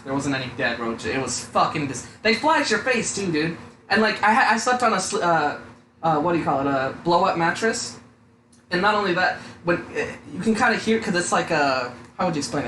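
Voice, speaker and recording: A man's voice: fairly high pitch, pushed and bright. A young man chatting casually as a podcast co-host, rambling and swearing a lot, often saying "dude". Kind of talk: casual profane chat. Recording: echoey room with faint noise.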